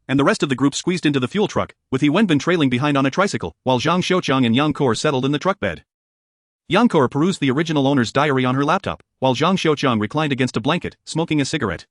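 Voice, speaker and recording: A man narrating an audiobook in a brisk, even storytelling manner. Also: mid-range voice, dry recording, studio quality.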